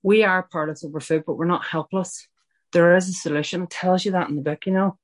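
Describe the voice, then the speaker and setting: A middle-aged woman from Ireland, low-voiced and steady in tone, talks fast as she recounts her personal recovery at a support meeting. Her telling is frank and self-deprecating, sprinkled with chatty side remarks.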